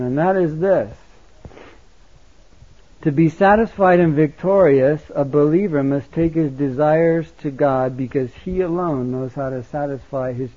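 A male pastor preaching with passion, his voice high and urgent, then dropping low and close. The sound is thin and tinny, like a phone line. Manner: impassioned, swinging between loud exhortation and quiet intimacy. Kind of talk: sermon.

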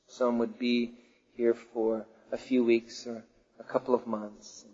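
A man preaching a sermon to his congregation, swinging between loud declarations and hushed, slow questions. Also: mid-range voice, flat delivery, breathy edge, long reverb tail, dull audio. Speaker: pastor.

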